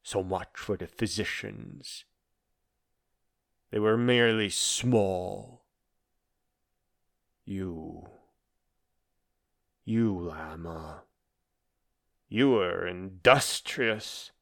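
A man's voice: low-pitched, vocal fry, a bit bright, heavily acted. A man voicing a scornful dying philosopher. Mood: bitter scorn. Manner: slow, measured, bitterly scornful declamation. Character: embittered dying male philosopher, proud and scornful. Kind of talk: dramatic monologue, a letter read aloud.

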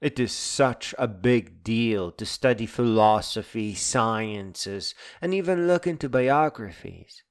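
A man reading a reflective, wry spoken essay in a musing, deliberate way. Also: mid-range voice, lively intonation, smooth. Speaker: essay narrator. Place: Lake Michigan area.

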